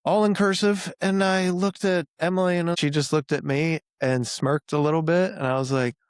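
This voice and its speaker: A man's voice: fairly high pitch, moderate pace, smooth, no echo, clean studio sound. A man in his thirties hosting a podcast, telling stories with playful exaggeration in casual chat. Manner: animated storyteller, playful exaggeration. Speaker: podcast host.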